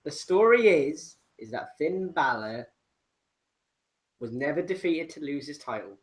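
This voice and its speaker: A young man co-hosting a casual chat, explaining his view slowly and deliberately. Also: fairly high pitch, lively intonation. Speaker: co-host.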